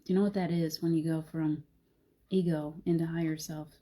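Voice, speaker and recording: Soft-spoken reflective woman, husky mellow voice. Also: sits low, steady tone, a little fast. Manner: gentle, reflective, soft-spoken with frequent laughs. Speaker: host of a live spiritual talk show. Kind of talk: casual live-stream chat.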